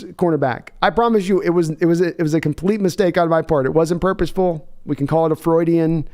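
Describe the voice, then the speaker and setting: Casting: young male streamer, slightly high, smooth clear voice, rambling and self-deprecating, reads donations live. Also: darkish tone. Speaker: livestream host.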